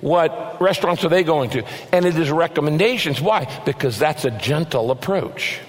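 A male pastor preaches in a large church, his voice sitting a little high for a man. He is earnest, speeding up and then slowing right down to stress each verse he reads. A long reverb from the big hall trails behind his words. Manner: earnest, varies pace, slows to stress scripture. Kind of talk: sermon.

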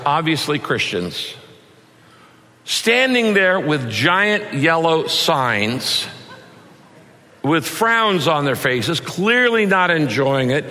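Middle-aged male pastor, bright and forceful, folksy sermon delivery, big-hall reverb. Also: fairly high pitch. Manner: folksy, emphatic preaching with rhetorical questions. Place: large church auditorium.

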